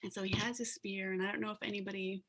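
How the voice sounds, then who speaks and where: A woman's voice: medium pitch, level tone, fast, a bit bright. Casual storytelling woman speaker. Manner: casual, fills with "like" and "you know". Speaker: guest speaker, planner. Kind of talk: storytelling talk. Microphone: video call.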